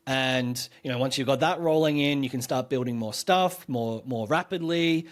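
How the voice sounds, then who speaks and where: In a laid-back podcast conversation, a male co-host eagerly explains a game he's reviewing, wandering off on tangents and leaning heavily on fillers. He speaks in a mid-range voice at a moderate pace, pausing only rarely.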